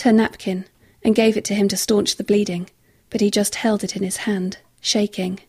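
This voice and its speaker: A woman narrating an audiobook in measured, quietly tense tones. Her voice is husky and gravelly, with a dark, mellow colour. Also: medium pitch, level tone.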